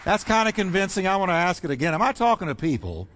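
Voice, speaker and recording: A man's voice: high voice, very animated, quick pace, a bit bright, some chatter behind, slight background noise. A man preaching a sermon as pastor, fervent and rhythmic, building repeated phrases. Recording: long reverb in a large hall.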